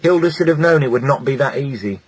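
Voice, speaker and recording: A man narrating a children's animal storybook in a lively, playful way. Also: medium pitch, fast, slight background noise, rough recording. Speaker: audiobook narrator.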